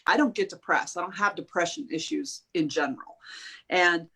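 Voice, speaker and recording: A woman chatting casually, telling personal stories in an animated way and acting out her own and others' lines. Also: lowish voice. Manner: animated storyteller, quotes herself and others. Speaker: guest sharing a diet journey. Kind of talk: casual chat.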